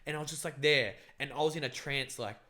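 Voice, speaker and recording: A man's voice: medium pitch, fast talker, bright, forceful tone. A young man telling a rambling story on a podcast, full of filler words and swearing. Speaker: podcast co-host. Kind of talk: casual storytelling chat.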